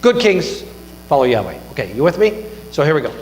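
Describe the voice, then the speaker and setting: A man's voice: on the high side, sing-song, fairly quick, a little mellow, a little hiss or hum. A male pastor giving a chatty sermon on a microphone in a church, joking and mocking himself. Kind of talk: conversational sermon. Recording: echoey church hall with long reverb.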